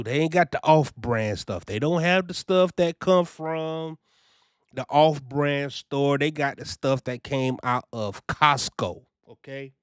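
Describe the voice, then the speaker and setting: A young man talks in a loose, animated vlog style, filling his speech with "you know" and "man." His voice is smooth and clear at a middling pitch. The recording is dry and close. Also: dry recording. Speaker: trucking vlogger. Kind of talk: casual first-person review.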